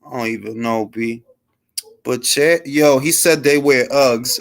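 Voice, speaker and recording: A man's voice: medium pitch, measured pace, creaky. A man hosting a boxing talk show, chatting loosely with slang and jokes. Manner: loose, joking, slangy banter. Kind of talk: casual live-stream chat.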